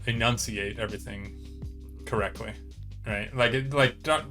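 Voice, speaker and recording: An American man whose first language is English co-hosts a podcast, chatting casually and rambling with plenty of fillers like "like" and "you know." His voice is fairly low and his pace moderate, with loud music playing behind him.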